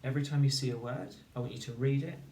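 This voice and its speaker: A man teaching a phonics lesson to children, slowly and clearly sounding out each word. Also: mid-range voice, steady tone, darkish tone. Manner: slow, clear sounding-out of words. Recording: echoey room, distant mic, faint noise.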